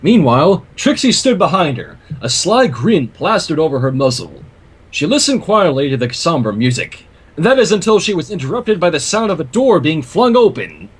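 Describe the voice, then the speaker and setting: A man reading a fan story aloud for a livestream, animated with joking asides. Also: fairly high pitch, normal speed, slightly rough. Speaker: story reader.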